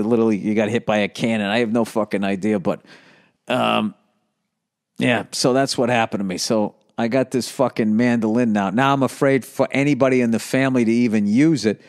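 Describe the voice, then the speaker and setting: Male comic host, solo monologue, swears freely, rambles, restarts often. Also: medium pitch. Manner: profane, rambling, lots of fillers and restarts. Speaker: comedian podcast host.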